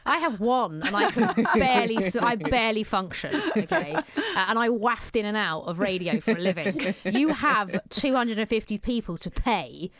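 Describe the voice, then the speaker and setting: A woman's voice: mid-range voice, expressive, normal speed, hardly any pauses, a crowd in the background. A woman who works as a radio presenter, co-hosting with a bubbly, jokey manner. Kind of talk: casual interview chat.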